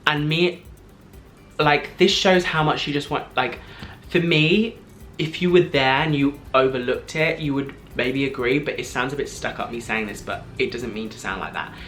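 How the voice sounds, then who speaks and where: Young guy, twenties, vlogger, excited storytelling with lots of fillers, mid pitch, faint music behind. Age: 20s. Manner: gushing, fast, filler-heavy with frequent "like".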